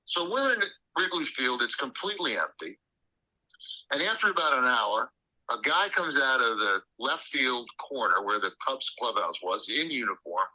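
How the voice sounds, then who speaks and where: Bright-voiced man telling a story. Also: medium pitch, normal speed, muffled recording. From Illinois. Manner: animated anecdotal storytelling, acts out quotes. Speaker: guest. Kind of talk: storytelling interview.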